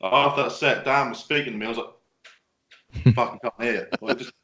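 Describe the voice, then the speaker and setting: A man's voice: medium pitch, fairly even intonation, normal speed, bright, forceful tone. A man in a casual chat among friends, speaking plainly and matter-of-factly. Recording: echoey room.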